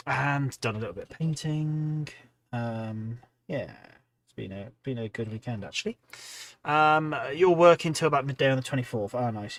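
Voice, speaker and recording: A tired male host rambles through casual livestream chat while painting miniatures, his pitch in the mid range. He's chatty and full of ums and restarts, reading chat messages aloud as he goes.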